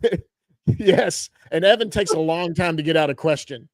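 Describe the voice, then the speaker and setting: A sports reporter guest with a high-pitched voice tells stories in an animated way, often chuckling as he goes. His voice is dry and close, with no room sound around it. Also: moderate pace, no echo. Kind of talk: casual storytelling chat.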